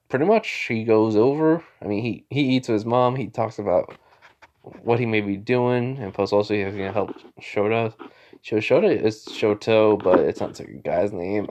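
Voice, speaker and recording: A man's voice: mid-range voice, a little mellow. Rambling young male storyteller. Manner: rambling, full of fillers and restarts. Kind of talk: casual retelling of a fan story.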